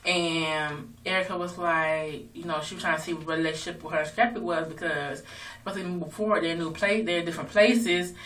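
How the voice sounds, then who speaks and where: A woman's voice: fairly low pitch, fairly even intonation, moderate pace, a bit bright. A woman casually recapping a reality show episode, loose and rambling with lots of fillers and swearing. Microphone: phone. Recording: distant phone recording.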